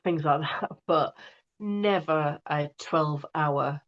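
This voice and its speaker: A woman's voice: deep voice, takes it slowly, highs cut off. A woman, an audiobook narrator, chatting in an interview and talking with many fillers and restarts. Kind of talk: casual interview chat.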